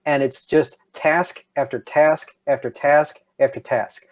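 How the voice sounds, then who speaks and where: A man's voice: fairly high pitch, steady tone, unhurried, hardly any pauses. A man talking casually as a podcast guest, enthusiastic and often restarting his sentences.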